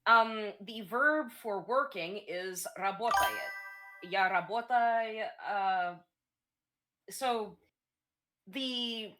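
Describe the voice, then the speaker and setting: Slow, halting woman explaining on stream. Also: medium pitch, a bit bright, faint music behind. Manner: hesitant, explaining with many fillers and restarts. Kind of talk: casual stream chat.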